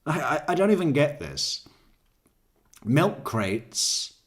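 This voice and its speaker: Man, true crime commentary, slow unhurried delivery, swears a lot, rambling and joking. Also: a little high, big pitch swings. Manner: profane, rambling, laughs at own jokes. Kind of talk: casual commentary over court footage.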